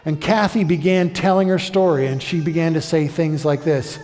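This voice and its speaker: A male pastor preaching a sermon with passion, building to loud, emphatic peaks. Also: on the high side, fairly even intonation, moderate pace, few pauses. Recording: echoey hall.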